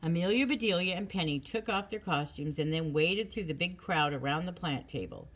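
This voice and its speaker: A woman narrating a children's chapter book with a low voice. She tells the story in a clear, steady manner, easy to follow. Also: fairly quick.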